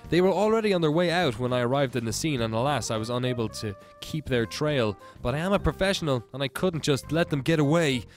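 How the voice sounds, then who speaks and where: A man voicing a suave male pigeon with a put-on French accent, smooth and theatrical. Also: mid-range voice, fast, few pauses, faint music behind, close to an everyday voice.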